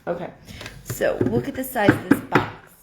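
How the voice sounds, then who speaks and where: A woman hosting a casual live craft stream, chatty and excitable, thinking out loud as she works. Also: medium pitch, normal speed, echoey room, very noisy. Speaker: craft livestream host.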